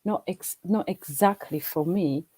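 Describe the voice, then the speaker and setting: Ugandan woman, English second language, warm low voice, dry close sound, earnest and self-repeating. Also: a little slow, slightly rough, no room sound, rough recording. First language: not English. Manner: earnest, repeats words and restarts. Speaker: livestream guest. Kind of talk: casual chat. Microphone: video call.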